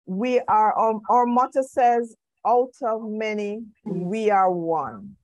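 A woman's voice: medium pitch, slow pace, dry recording, muffled recording. A woman from Jamaica with a Jamaican accent, a presenter answering questions patiently in a live online Q&A. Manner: patient, explains step by step.

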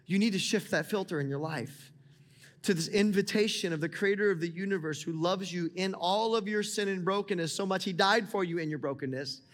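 A man in his thirties, a pastor, preaching a sermon to a congregation in a lively, conversational way, often calling on them to listen. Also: high voice, fairly quick. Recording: long hall reverb.

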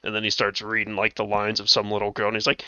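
A man co-hosting a casual podcast chat, playful and animated, laughing often. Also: on the low side, quick pace, no room sound, dull audio. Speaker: podcast co-host, game master.

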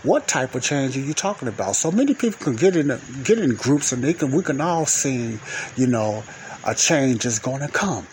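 A man's voice: medium pitch, sing-song, moderate pace, a little mellow, poor audio. A man hosting a rambling podcast teaching outdoors at night, praying and repeating himself with many rhetorical questions. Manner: repeats phrases, asks rhetorical questions, peppers with "you know" and "okay". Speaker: podcast host and lay preacher. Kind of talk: rambling spoken teaching with prayer. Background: wind and faint outdoor ambience.

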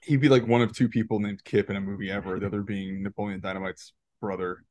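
A man's voice: on the low side, level tone, quick pace, a little mellow, no room sound. A man co-hosting a podcast, rambling through a movie recap in casual chat, laughing often and restarting his sentences. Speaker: podcast co-host.

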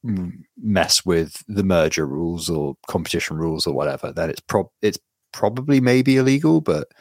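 A man's voice: deep voice, moderate pace, no room sound, clean studio sound. A man co-hosting a podcast in casual chat, rambling and swearing as he tells stories. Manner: rambling, sweary, animated storytelling. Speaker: podcast co-host.

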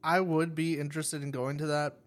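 A man's voice: a little high, little pitch movement, fairly quick. A young man co-hosting a casual podcast, laid-back and sarcastic, swearing casually. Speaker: podcast co-host. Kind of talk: casual chat. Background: military jets overhead.

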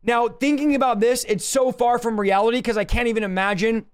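A man with a strikingly high-pitched voice preaches on a livestream from his home office. He teaches scripture with urgency and emphasis. He drives his points hard and keeps breaking into quick asides. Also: fairly even intonation, clean tone. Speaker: pastor.

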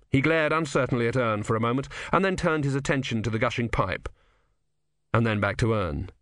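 Brief: male audiobook narrator, mid pitch, wry and measured, close dry studio mic. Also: a bit bright, dry recording. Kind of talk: scripted narration.

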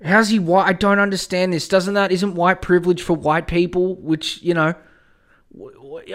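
A man hosting a casual podcast, ranting in a profane, excitable way that often turns exasperated. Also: sits high. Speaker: podcast host.

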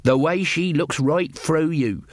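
A man's voice: a little high, unhurried, no echo, clean studio sound, close to an everyday voice. A man voicing Thatcher, a nervous, superstitious villager who passes on rumours in a conspiratorial way. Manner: conspiratorial, dropping voice.

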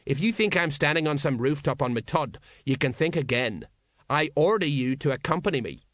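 A stout, nervous middle-aged sergeant, as a male reader puts him on, speaking near the reader's own pitch with a grumbling, reluctant edge. The sound is close and dry. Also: lively intonation, fairly quick, fairly bright tone, no room sound.

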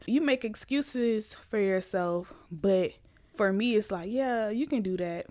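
A woman's voice: medium pitch, measured pace, darkish tone, no echo. A woman hosting a candid solo podcast, speaking earnestly and emphatically and repeating her points for stress. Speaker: podcast host.

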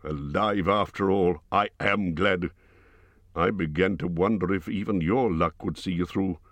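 A man voicing an old, wounded wizard who speaks with warmth and gravity. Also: deep voice, unhurried, dry recording. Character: old male wizard, wounded, warm and grave.

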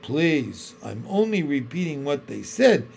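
A man's voice: a little high, big pitch swings, a little slow, creaky, a little mellow, slightly rough, heavily acted. A man doing a stammering frightened boy. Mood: pleading. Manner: trembling, stammering. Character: frightened, eager young boy.

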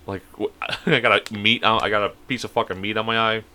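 A man telling a long, profane story in a casual podcast chat, rambling and animated. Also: fairly low pitch, a little fast. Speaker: podcast co-host.

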